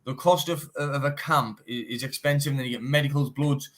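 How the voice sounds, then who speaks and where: A young bare-knuckle fighter from Teesside in northeast England gives a casual live-stream interview, talking animatedly, swearing often and saying "mate" constantly. His voice is medium-pitched with fairly even intonation, and he talks a little fast.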